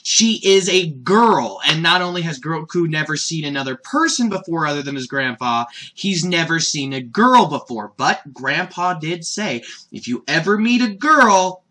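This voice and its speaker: Brief: lively, bright-voiced man, casual jokey cartoon reviewer, pitch jumping around. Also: normal speed, hardly any pauses. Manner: animated, jokey, laughs at his own asides. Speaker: anime reviewer.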